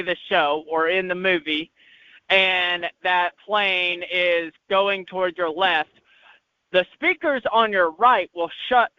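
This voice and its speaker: A man's voice: sits high, smooth, no echo. A man with a Southern US accent, co-hosting a casual podcast, explaining things insistently and at length. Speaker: podcast co-host. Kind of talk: casual banter. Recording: dull lo-fi sound.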